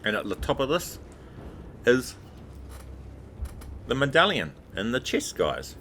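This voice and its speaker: A man casually narrating a game walkthrough over gameplay in a relaxed, chatty way. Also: mid-range voice, slow pace, a little hiss or hum, rough recording. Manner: relaxed, chatty, repeats filler words like "obviously".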